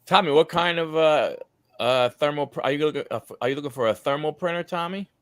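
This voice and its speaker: A man's voice: on the high side, fast talker, clean tone, no room sound. A man in a casual stream chat, offering helpful tips with hesitant fillers.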